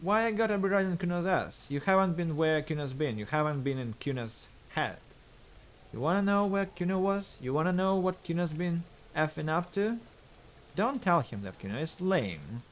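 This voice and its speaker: A man's voice: a little high, expressive, normal speed, slight background noise, voice pushed up, lightly acted. A man voicing a foul-mouthed, aggressive young street boy who talks about himself in the third person. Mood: defiant.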